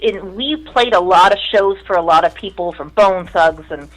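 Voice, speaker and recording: A woman's voice: on the low side, normal speed, a bit bright, rough recording. A middle-aged woman telling stories from her music career in casual, profane talk, mimicking the people in them. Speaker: guest musician. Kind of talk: casual storytelling.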